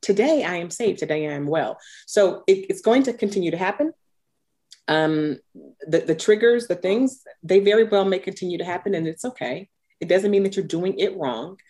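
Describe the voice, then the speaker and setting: A woman coach in her thirties speaks in a low, deep register. She talks earnestly and without hurry, with conviction in each point. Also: animated, normal speed, mellow. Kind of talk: podcast interview, reflective.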